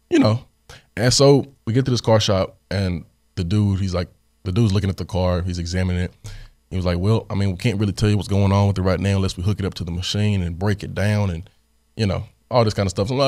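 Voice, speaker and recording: A young podcast host with a very deep voice tells a story casually, with sarcastic asides. He's animated and laughs a lot. The sound is dry and close, with no room echo. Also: quick pace.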